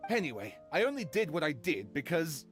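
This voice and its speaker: A man's voice: fairly high pitch, sing-song, fairly quick, loud music behind the voice. An actor playing a male detective in a game, confessing earnestly and rambling a bit. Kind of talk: game voice acting.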